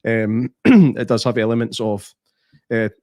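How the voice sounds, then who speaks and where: A man with a Scottish accent co-hosting a podcast, telling self-deprecating stories in casual chat and clearing his throat often. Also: mid-range voice, measured pace, darkish tone, no echo, studio quality. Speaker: podcast co-host.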